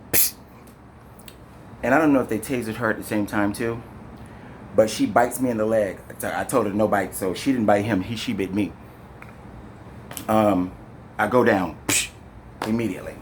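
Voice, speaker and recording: Man telling a painful story, halting. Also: lowish voice, a little hiss or hum. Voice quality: rambling, halting with many fillers and restarts. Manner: animated, addresses viewers directly. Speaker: storyteller recounting an arrest. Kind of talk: emotional first-person storytime to camera.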